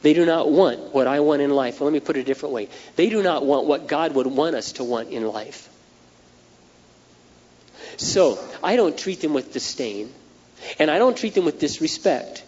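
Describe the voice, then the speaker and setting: A man's voice: a little high, a little fast, darkish tone. Man preaching, earnest and repetitive, long hall reverb, muffled lo-fi sound. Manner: earnest, repetitive, tells stories to make a point. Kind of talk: sermon.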